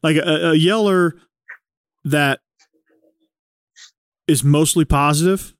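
A man's voice: fairly high pitch, slow, no room sound, studio quality. Chatty man explaining coaching styles. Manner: explanatory, filler-heavy. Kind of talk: casual chat.

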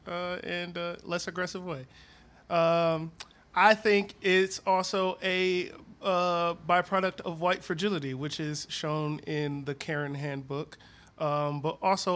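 A man's voice: a little high, a bit bright. A man co-hosting a casual talk show, ranting with heavy profanity and raw passion. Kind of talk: heated casual chat.

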